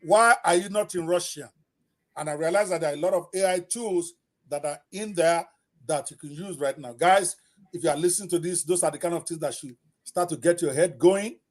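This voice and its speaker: A man hosting a live podcast interview, energetic and joking about his own speech. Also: fairly high pitch, brisk. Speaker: podcast host.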